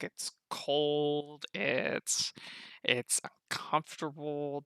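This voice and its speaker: A man's voice: fairly high pitch, vocal fry, a bit bright, smooth, no echo, studio quality. A man streaming live, gushing in casual slangy commentary and repeating himself as he reacts.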